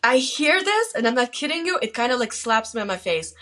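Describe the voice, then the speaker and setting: A woman's voice: fairly high pitch, big pitch swings, fairly quick, sharp tone. A middle-aged woman talking casually, telling stories and giving plain-spoken, earnest advice as a guest on her daughter's channel. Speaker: guest, host's mother. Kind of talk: casual conversation.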